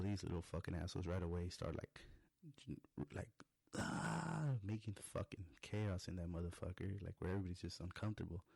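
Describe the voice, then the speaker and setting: A man's voice: low-pitched, vocal fry, darkish tone, husky, dry recording. A young adult man on a podcast, telling a rambling, profane story in a casual monologue. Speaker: podcast host.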